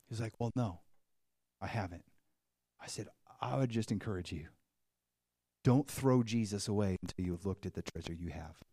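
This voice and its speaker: A man preaching a sermon, telling a story with animated swings between hushed and excited delivery. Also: lowish voice, normal speed, pauses often, breathy edge, no echo, studio quality.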